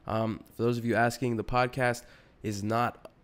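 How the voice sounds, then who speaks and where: A man's voice: medium pitch, flat delivery, moderate pace. A young adult man hosting a podcast solo, rambling in a slangy, profane, casual way. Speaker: podcast host.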